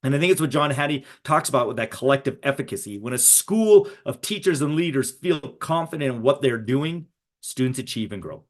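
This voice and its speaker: Presenting a live webinar for educators over a video call, a middle-aged man talks conversationally in an animated, brisk, mid-pitched voice, frequently asking "right?".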